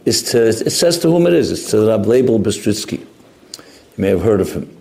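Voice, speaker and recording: A man's voice: on the low side, big pitch swings, brisk, vocal fry, mellow. A man giving an informal Torah class, talking in a rambling, anecdotal way with frequent restarts. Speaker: Torah teacher.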